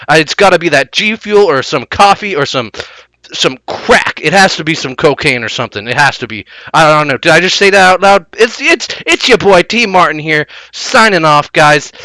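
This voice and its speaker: A man's voice: a little high, animated, normal speed, sharp tone, no echo, low-quality recording. A man putting on a boastful, shady male gaming vlogger with a lisp, swaggering and rambling as a parody impression. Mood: cocky. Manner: swaggering, repeats his own name, hyped and rambling.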